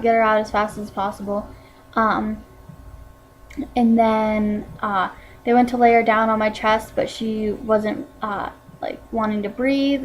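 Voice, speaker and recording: A woman's voice: on the high side, slight background noise, poor audio. A teenage woman vlogger telling a personal story in a casual, chatty way, full of "like" and "um" fillers. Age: teens.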